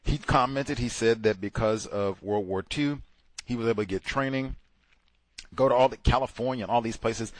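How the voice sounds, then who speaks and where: A man hosting a book club, talking through a memoir in a casual, digressive way with loud mocking asides. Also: on the low side, no room sound.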